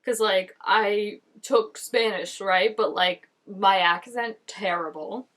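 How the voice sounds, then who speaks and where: A chatty woman talks through a show she is watching. Her voice sits at an ordinary middle pitch, and she keeps up a loose, animated flow full of filler words. It sounds like a casual home recording on a camera mic. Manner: chatty, animated, many "like" fillers, quick laughs. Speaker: reaction video host. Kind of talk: casual reaction commentary. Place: indoors at home, changing daylight.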